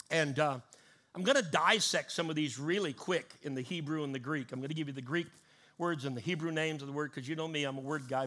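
Bright-voiced preaching man. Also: fairly high pitch. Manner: preaching with rising emphatic call-and-response cadence; talks to the congregation, teaching word meanings. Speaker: pastor. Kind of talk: sermon.

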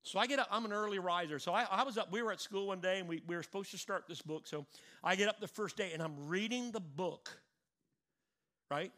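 A middle-aged man preaching a sermon in an animated way, stressing and repeating his points. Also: high voice, fairly quick.

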